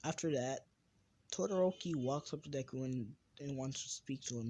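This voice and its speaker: A man's voice: mid-range voice, moderate pace, slightly rough. A young man casually making up a fan anime story as he goes, often interrupting himself and trailing off. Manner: rambling, self-interrupting, trailing off quietly. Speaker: channel host telling a fan story.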